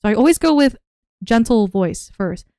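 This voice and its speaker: A young woman rants with a slightly high, worn voice, animated and rambling in a casual vlog. She tells stories and breaks into acted-out quotes along the way. The sound is dry and close. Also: normal speed, smooth, no room sound. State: voice worn from shouting. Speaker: streamer and part-time teacher.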